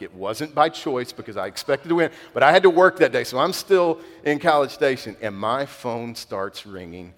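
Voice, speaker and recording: A middle-aged man preaches a sermon in a chatty, storytelling way, his voice sitting fairly low. The sound rings out with the long reverb of a large hall. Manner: conversational, animated storytelling with laughs. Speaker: pastor.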